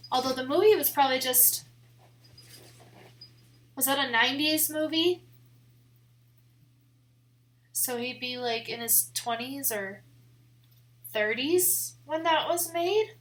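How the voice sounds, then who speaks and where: A young woman from the American Midwest, chatting casually on a live stream in a rambling way, full of "like" and quick laughs. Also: sits high, a bit bright. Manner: chatty and rambling, heavy use of "like", laughs often. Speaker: photography streamer.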